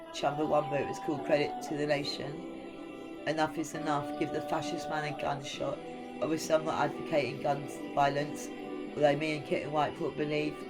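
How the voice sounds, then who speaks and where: A woman from Western Australia giving a rambling scripture reading and commentary as a Bible teacher, digressing often and chatting with lots of ums. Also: sits low.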